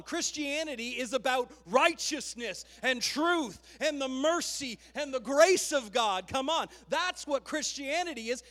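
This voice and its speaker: A man preaching a sermon with a very high voice, rallying his listeners with emphatic calls. He sounds a little out of breath. His voice rings with the long reverb of a church hall. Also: fairly bright tone. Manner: emphatic, rallying with "Amen?" and "Come on". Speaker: pastor.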